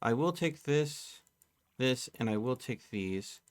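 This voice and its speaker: A man's voice: medium pitch, lively intonation, a little hiss or hum. A man on a live game stream, chatting casually and thinking aloud as he plays. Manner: slow, thinking aloud while playing. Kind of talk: casual live gameplay chat.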